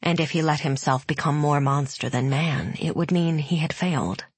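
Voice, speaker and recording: A woman narrating an audiobook in a measured, even storytelling manner, recorded close to the mic. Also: sits low, breathy edge, no echo. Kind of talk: scripted narration.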